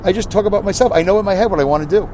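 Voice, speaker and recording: A middle-aged man talks alone into his podcast mic, earnest and confessional, letting his thoughts ramble on. His voice sits a little high for a man. Faint street and traffic noise hums in the background. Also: very fast, a little mellow. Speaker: podcast host. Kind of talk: solo podcast monologue.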